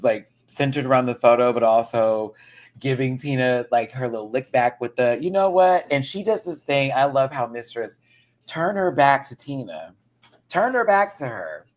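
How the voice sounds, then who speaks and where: Sassy, animated male show reviewer. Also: mid-range voice. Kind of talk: casual ranting recap.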